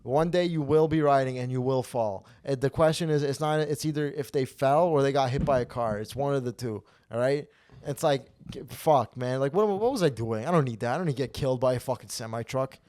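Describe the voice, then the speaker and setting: A young man in mid-pitch tells a comedy story casually, swearing freely and building to loud rants. The sound is dry and close, with no room echo. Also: brisk. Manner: animated, profane, gets loud when ranting. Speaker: podcast host.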